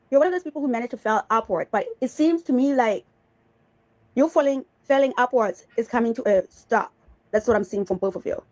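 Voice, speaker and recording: A woman's voice: fairly high pitch, darkish tone. A woman hosting a reaction commentary, talking in a sarcastic, scolding way and calling the person she is criticizing honey. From Bali. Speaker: commentary host reacting to clips.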